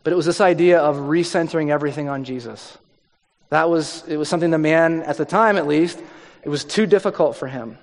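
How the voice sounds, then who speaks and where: A man preaching a sermon in a conversational way, dropping his voice low for emphasis. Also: fairly quick, creaky. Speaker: pastor. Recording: long hall reverb.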